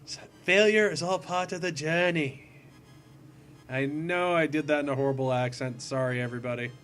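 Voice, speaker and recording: A man hosting a casual let's-play, rambling and goofy and poking fun at himself while he plays a puzzle platformer. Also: fairly high pitch. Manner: goofy, rambling, self-deprecating. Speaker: gaming video host.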